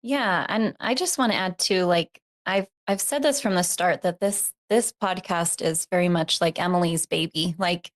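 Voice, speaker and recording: An earnest woman shares a reflective, descriptive story as a guest on an interview podcast. She pauses on fillers as she talks. Her voice is somewhat low.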